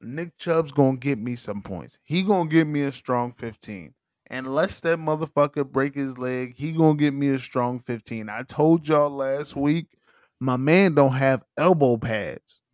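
A man's voice: medium pitch, measured pace, a little mellow, no echo. Man trash-talking on a dry mic. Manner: boastful, joking trash talk. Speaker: podcast co-host. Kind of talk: casual sports chat.

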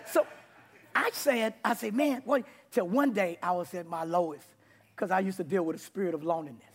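High gravelly man preaching rough and abrupt. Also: quick pace. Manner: bursts into loud, excited passages. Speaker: guest preacher. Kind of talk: testimony sermon. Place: church sanctuary before a congregation.

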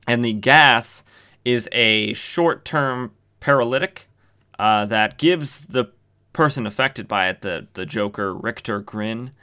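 A man recapping a vintage comic in loose, casual chat. He jokes and needles the story, his low voice carrying a bright, forceful edge. His talk is full of fillers and asides. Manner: joking and sarcastic, with frequent fillers. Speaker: comic book podcast host.

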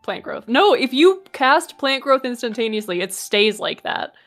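A woman's voice: a little high, big pitch swings, moderate pace, fairly bright tone. A woman playing a tabletop game, hesitant and full of fillers. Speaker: player. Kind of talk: casual tabletop role-play.

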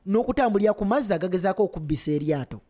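A man's voice: high-pitched, animated, racing, warm tone. A man interpreting a sermon line by line as it is preached.

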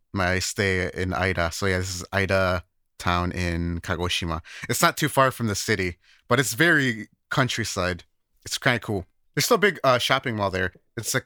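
A man's voice: on the low side, sharp tone, smooth, no echo, studio quality. A man co-hosting a podcast, telling a story in a rambling, casual way with lots of fillers and swearing. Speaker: podcast co-host. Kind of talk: casual chat.

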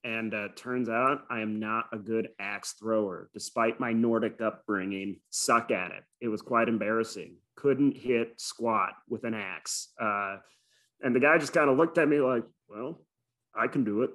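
A man's voice: fairly low pitch, unhurried, a bit bright. Rambling male podcast co-host. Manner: rambling, filler-heavy storytelling. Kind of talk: casual chat.

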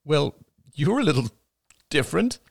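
Man doing an inquisitive young woman, raised voice, lively lilt, dry close sound. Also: on the high side, moderate pace, gravelly, slightly rough, no echo, voice pushed up, full character voice. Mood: curious. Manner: questioning, inquisitive. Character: earnest curious young woman. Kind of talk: audiobook character reading.

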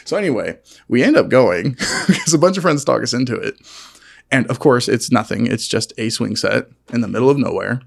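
A man co-hosting a casual podcast, telling stories in an animated way with lots of laughter. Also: brisk, gravelly. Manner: animated, laughing, jumps to high-pitched acted quotes. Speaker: podcast co-host. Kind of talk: casual storytelling chat.

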